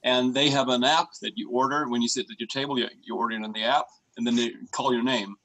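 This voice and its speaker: A man's voice: medium pitch, fairly even intonation, quick pace, sharp tone, low-quality recording. Laid back guy telling stories on a podcast, mid voice. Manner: storytelling, easygoing. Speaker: podcast guest, musician. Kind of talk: casual chat.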